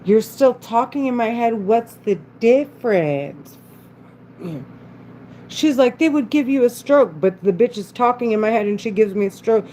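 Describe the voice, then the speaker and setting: A woman's voice: fairly high pitch, unhurried, mellow, slight background noise, low-quality recording. Agitated, rambling woman with a raised voice. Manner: agitated, rambling, frequent swearing. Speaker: vlogger. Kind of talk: unscripted monologue to camera.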